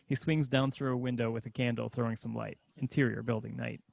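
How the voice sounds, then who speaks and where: Gravelly male narrator, dry close sound, reads scene directions plainly. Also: mid-range voice, flat delivery, fairly quick, darkish tone, no echo, highs cut off. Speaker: narrator reading stage directions. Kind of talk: scripted screenplay narration.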